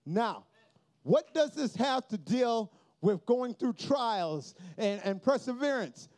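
A young man speaking from a stage to a live audience, telling a story in an animated sermon and acting out the voices in it, swinging from loud to hushed. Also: very high-pitched, slow. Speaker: youth camp speaker.

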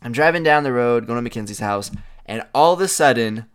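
Young man, mid-pitch, smooth clear voice, animated chatty storyteller. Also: brisk. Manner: animated, chatty, filler-heavy with "like". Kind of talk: casual storytelling monologue.

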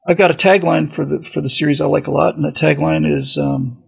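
A man with a fairly high voice and a deeply gravelly, rasping texture. He hosts a podcast and talks casually, rambling through asides and restarts. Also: fairly even intonation, normal speed, low-quality recording. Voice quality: very gravelly, raspy voice. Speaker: podcast host. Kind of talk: casual monologue.

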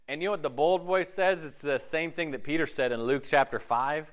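Speaking at normal speed with hardly any pauses, the pastor uses a highish voice. His sermon feels like a conversation: he asks his listeners questions often and performs the voices in their heads.

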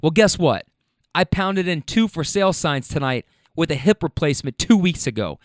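A man's voice: fairly high pitch, animated, normal speed, dry recording, clean studio sound. A man hosting a podcast, telling stories casually in a rambling, profane way. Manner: rambling, profane, restarts and fillers. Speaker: podcast host. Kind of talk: casual storytelling.

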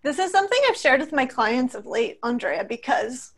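A woman's voice: sits high, very animated, moderate pace, fairly bright tone. A woman guest on a podcast, a coach speaking earnestly and reflectively in casual chat, laughing easily.

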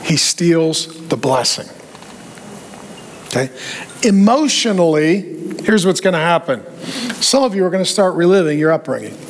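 A man preaching a sermon with animated delivery and joking asides. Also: on the high side, moderate pace, long pauses, a little hiss or hum. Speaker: pastor.

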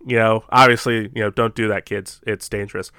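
A young man co-hosting a podcast, talking in an animated, casual way and laughing often. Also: on the low side, a little fast, clear, resonant tone, no echo, clean studio sound. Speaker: podcast co-host. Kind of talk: casual chat.

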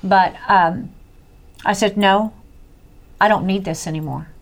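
A woman, a guest in a faith talk, telling her own story in a lively, chatty way with frequent laughter. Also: mid-range voice, measured pace. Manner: animated storyteller, laughs often, acts out voices. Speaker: guest sharing a faith testimony. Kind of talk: casual storytelling chat.

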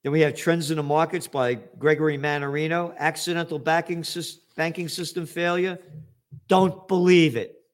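A man's voice: a little high, fairly even intonation, normal speed. Blunt profane older New man. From New York, USA. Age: 70s. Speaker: host. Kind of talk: ranting commentary.

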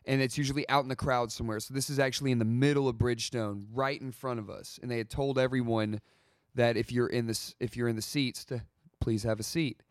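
A man's voice: mid-range voice, steady tone, fast, no echo, studio quality. A man hosting a podcast, chatting casually with slang and jokes. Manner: laid-back, joking, Southern slang. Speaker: podcast host. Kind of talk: casual chat.

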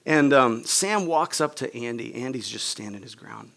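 A man preaches in a medium-pitched, slightly bright voice with vocal fry, expressive and at a moderate pace. He's a pastor sharing a personal anecdote conversationally, voicing the people in it and tossing in many "like" and "right?" remarks.

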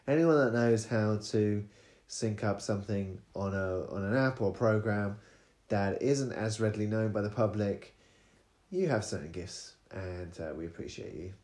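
A man's voice: lowish voice, darkish tone, reverberant. A man with a British accent co-hosting a casual late-night podcast, tired, playful and wordy, hunting for words with fillers. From Britain. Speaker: podcast co-host.

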